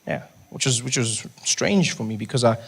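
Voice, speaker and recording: A man with a South African accent doing stand-up storytelling, animated, rushing through bursts of nervous self-talk. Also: mid-range voice, vocal fry, breathy edge. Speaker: stand-up comedian. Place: stage before a live audience. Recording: noisy live stage recording.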